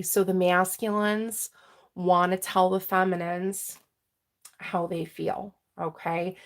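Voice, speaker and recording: A woman with a slightly low voice reads tarot cards for her viewers in a loose, conversational way. She fills her pauses with "um" and checks in with "right?" and "okay?" as she goes. She slips into laughs and small emotional moments along the way. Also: gravelly. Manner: chatty, filler-heavy, checks in with "right?" and "okay?"; laughs often and gets emotional while reading. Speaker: tarot reader. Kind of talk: casual tarot reading to camera.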